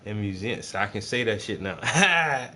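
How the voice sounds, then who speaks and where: A man's voice: on the low side, animated, normal speed, noisy background. A man, chatting casually and profanely while he paints, joking and rambling to his viewers. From South Carolina.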